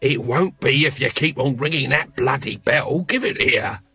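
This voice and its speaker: A man's voice: mid-range voice, lively intonation, normal speed, sharp tone, breathy edge, dry recording, heavily acted. A man voicing a lazy, cynical watchman who mumbles and rambles evasively. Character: shifty seasoned male watchman, lazy and cynical.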